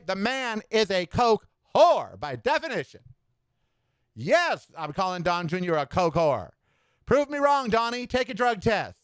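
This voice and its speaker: Campy sassy guy ranting on his podcast, high smooth voice bouncing all over, dry close sound. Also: fairly bright tone, no room sound. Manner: sassy and campy, calls listeners honey. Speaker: podcast host. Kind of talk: political commentary rant. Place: Southwest US home studio.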